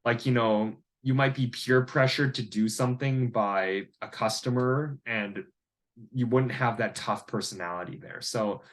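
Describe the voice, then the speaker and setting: Male vlogger, average pitch, casual rambling monologue. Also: a bit bright. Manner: rambling, heavy use of "like" and "you know". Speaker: vlogger and landlord.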